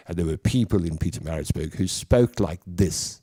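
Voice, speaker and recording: A man's voice: low-pitched, a little fast, few pauses, warm tone, husky. A man hosting a casual live show, chatting in a rambling way and reading out viewer comments. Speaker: show host.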